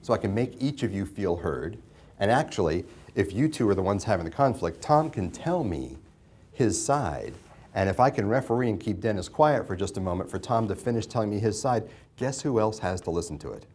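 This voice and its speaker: A man's voice: lowish voice, big pitch swings, a little fast, darkish tone, breathy edge. A man leads a classroom session on mediation. He talks in a conversational way, asks the class questions and repeats their answers back to them. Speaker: mediation instructor. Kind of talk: interactive classroom lecture.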